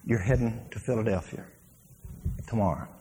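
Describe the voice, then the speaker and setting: A man, a former pro football player, telling stories from his playing days as a sermon to a congregation, laughing and shouting his punchlines. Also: lowish voice, normal speed, a little hiss or hum.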